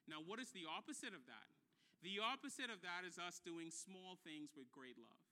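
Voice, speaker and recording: A male pastor delivering a sermon in a high, very bright voice. He leans on repetition and chatty asides to his congregation. He swells from hushed, intimate moments into loud, impassioned preaching. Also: lively intonation, normal speed. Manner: repeats phrases for emphasis, conversational asides.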